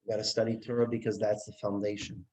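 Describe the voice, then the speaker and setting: A man, as a rabbi, giving a Torah class who tells a story with animated delivery and frequent restarts. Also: fairly low pitch, fast talker, rough recording.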